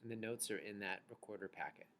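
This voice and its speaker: A man's voice: lowish voice, quick pace, bright, forceful tone. A man teaching an online recorder lesson to fourth and fifth graders, patient and encouraging, who chants rhythm syllables and note names for the class to repeat. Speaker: music teacher.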